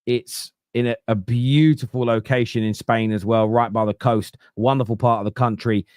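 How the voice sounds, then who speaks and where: A man's voice: medium pitch, fairly even intonation, moderate pace, darkish tone, no echo, clean studio sound. A man hosting a casual football podcast, talking bluntly and opinionatedly and swearing freely. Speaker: podcast host.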